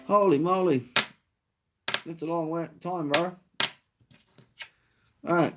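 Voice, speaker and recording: A man's voice: fairly high pitch, steady tone, slow pace, pauses often, music in the background. A man with a New Zealand accent hosting a casual live stream, laid-back, swearing freely and answering viewer comments.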